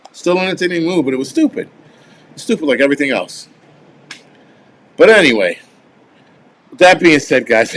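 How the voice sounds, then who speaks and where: A man's voice: mid-range voice, a bit bright, slight background noise. A man in his forties hosting a casual live stream, rambling and swearing as he answers viewers. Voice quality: profane, rambling. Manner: answers viewer comments offhand.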